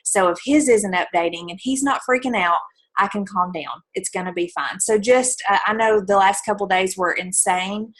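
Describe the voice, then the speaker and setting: A woman's voice: mid-range voice, moderate pace, a bit bright. A woman giving an earnest, encouraging talk to fellow team leaders on a video call.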